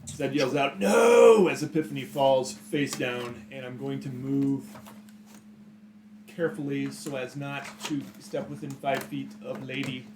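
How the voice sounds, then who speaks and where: A man playing in a tabletop role-playing game, stating his moves calmly and matter-of-factly. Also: mid-range voice, a little slow, noisy background. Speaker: player.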